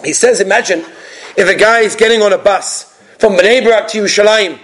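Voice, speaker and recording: This man's voice sits high and moves a little fast. He's a religious lecturer giving a talk, telling stories in an animated way and acting out the characters.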